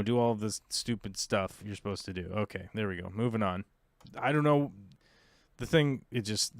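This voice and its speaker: A man's voice: mid-range voice, clear, resonant tone, dry recording, clean studio sound. An American man hosting a livestream, chatting casually and rambling with lots of fillers as he reads viewer comments. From United States. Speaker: livestream host.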